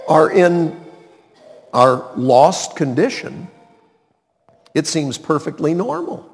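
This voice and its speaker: A man preaching from the pulpit, his voice leaping up and dropping low as he slows to stress each point. He speaks in a fairly high register with an unhurried, deliberate pace. A long reverb trails his words through the hall. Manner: dramatic swings in pitch and loudness, slows for emphasis. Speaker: pastor. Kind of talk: sermon.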